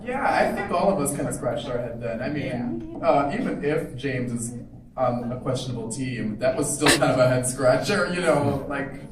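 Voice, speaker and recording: A man speaking as a convention panelist in a relaxed, chatty way, often laughing. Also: mid-range voice, normal speed. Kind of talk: casual panel discussion. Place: large convention hall. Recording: echoey hall from far off, crowd behind.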